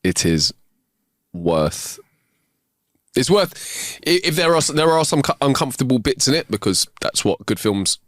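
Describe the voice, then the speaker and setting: A man's voice: medium pitch, big pitch swings, unhurried, fairly bright tone, dry recording, studio quality. A young man co-hosting a podcast in casual chat, rambling with enthusiasm and laughing often. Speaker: podcast co-host.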